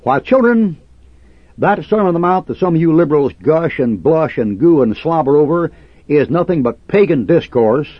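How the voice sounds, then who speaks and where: Fiery husky man preaching a sermon. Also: a little high, animated, moderate pace, no room sound, lo-fi sound. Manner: combative, sarcastic, preaching in old King James cadence.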